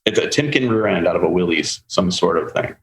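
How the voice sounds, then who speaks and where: A man hosting a podcast, telling a long car story in a casual, animated way and acting out the people he quotes. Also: sits low, fairly quick, vocal fry. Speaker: podcast host. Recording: roomy with faint ambient noise.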